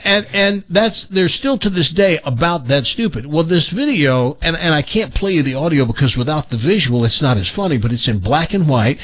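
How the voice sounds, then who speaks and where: A man hosting a radio show in the studio, telling stories in a rambling, animated way with lots of restarts. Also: a little high, moderate pace, hardly any pauses, highs cut off. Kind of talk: casual morning show banter.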